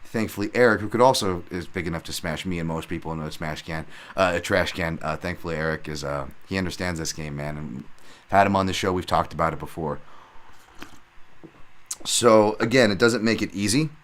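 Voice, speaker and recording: A man hosting a casual solo podcast, recapping fights in a rambling, animated way with lots of fillers. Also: low voice, brisk. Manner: rambling and animated, many fillers, acts out excited shouts when retelling. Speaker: podcast host and MMA analyst.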